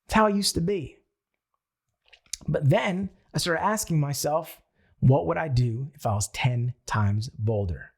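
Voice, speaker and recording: A young man giving a motivational sales training talk, telling stories in an animated, playful way. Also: on the high side, unhurried, creaky, husky. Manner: animated storyteller who acts out his own thoughts. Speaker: network marketing trainer.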